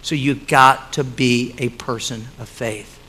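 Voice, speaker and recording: A man's voice: medium pitch, fairly even intonation, slow pace, bright, forceful tone, breathy edge. A man preaching a sermon to his church, emphatic and repeating key phrases for weight. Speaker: pastor. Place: church sanctuary with congregation.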